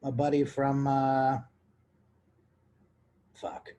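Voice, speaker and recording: This Texan hosts his own show, working drunkenly and crudely through listener questions in a rambling comic monologue. His medium-pitched voice is monotone, very slow, and dark in tone, and the sound is lo-fi.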